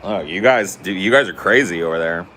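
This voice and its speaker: A man's voice: deep voice, a little fast, bright, forceful tone, a little hiss or hum. An American man hosting a podcast, ranting comedically in a sarcastic, profane way. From United States. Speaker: podcast host. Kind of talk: comedic rant.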